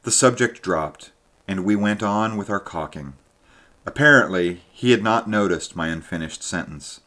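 A man narrating a story in a measured storytelling manner. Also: deep voice, fairly bright tone. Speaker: audiobook narrator. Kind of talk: scripted narration.

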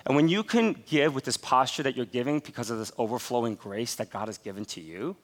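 A pastor in his forties preaching a sermon, telling stories with animated, laughing asides. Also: medium pitch, a little fast.

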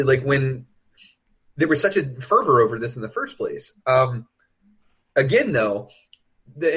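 A man's voice: medium pitch, a bit bright, breathy edge. A man co-hosting a podcast, talking casually and animatedly about a film. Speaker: podcast co-host.

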